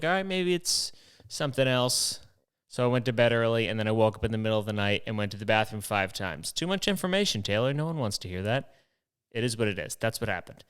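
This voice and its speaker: A man's voice: medium pitch, a bit bright, smooth. A young man hosting his own show, rambling through stories in a casual, profane, self-deprecating way. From New York. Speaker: podcast host.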